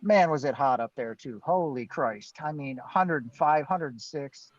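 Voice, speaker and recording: A man's voice: mid-range voice, animated, normal speed, no room sound. A man, a guest on a live Q&A, telling his own story with animation, acting out what he and others said and laughing now and then. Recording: dull, dry lo-fi stream audio.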